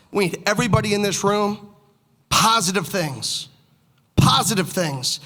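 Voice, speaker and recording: A young man with a high-pitched voice delivers his opening speech as a new head coach. He sounds emotional and fired up, repeating key phrases for emphasis in a press conference room. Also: a bit bright.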